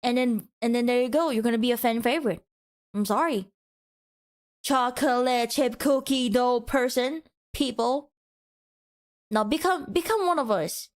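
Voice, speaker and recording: A woman's voice: a little high, moderate pace. A woman streamer giving a mock-passionate, teasing rant to her chat in a playful, dramatic way.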